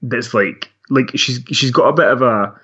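A man's voice: mid-range voice, normal speed, sharp tone, breathy edge. A man co-hosting a wrestling podcast in casual chat, rambling and self-mocking with frequent laughs. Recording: dull lo-fi sound.

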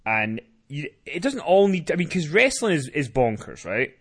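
A man hosting a casual wrestling podcast, running through the week's show in a quick, rambling way with fillers and casual swearing. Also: a little high, very animated, slightly rough. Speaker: podcast host.

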